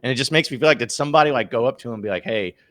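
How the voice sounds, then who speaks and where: A man's voice: medium pitch, rapid-fire, fairly bright tone, no echo. A man hosting a casual sports podcast, rambling through his points with lots of fillers and restarts. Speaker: podcast host.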